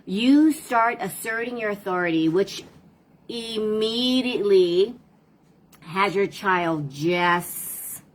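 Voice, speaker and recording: A woman's voice: mid-range voice, expressive, takes it slowly, poor audio. A woman parent coach talking casually to viewers on a live stream, asking rhetorical questions and replying to comments.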